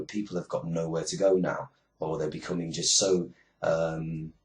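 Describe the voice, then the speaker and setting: A British man hosts an internet radio show in a loose, ranting monologue. His voice sits very low, and he wanders through fillers and sarcastic asides. He swears freely as he talks.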